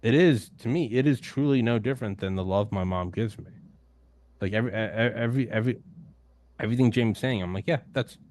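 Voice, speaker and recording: A man's voice: on the low side, fairly quick, darkish tone, no echo. A young adult man who hosts a podcast, talking bluntly and emphatically in a casual roundtable, swearing often. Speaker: podcast host guest. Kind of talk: casual discussion.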